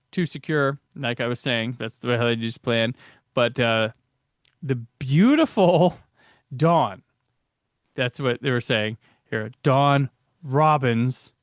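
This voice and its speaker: A man's voice: mid-range voice, dry recording, studio quality. A man hosting a casual commentary podcast, chatty and laughing often, restarting his sentences. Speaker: podcast host.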